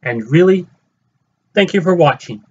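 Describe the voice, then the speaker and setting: A man's voice: on the high side, animated, unhurried, darkish tone, husky, lo-fi sound. A man vlogging about his collection, gushing and repeating himself as he speaks straight to his fellow fans. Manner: gushing, repetitive, addresses viewers as fellow fans. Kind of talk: excited unboxing vlog.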